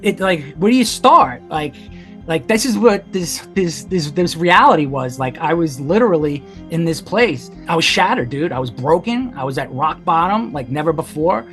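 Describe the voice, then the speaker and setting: A man's voice: fairly high pitch, animated, moderate pace, a bit bright. A man in his forties speaks as a podcast guest. He tells his story in a raw, intense way, swearing often and leaning on "like." Faint music plays under his voice. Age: 40s. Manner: candid and intense, swears, fillers of "like". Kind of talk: emotional personal storytelling.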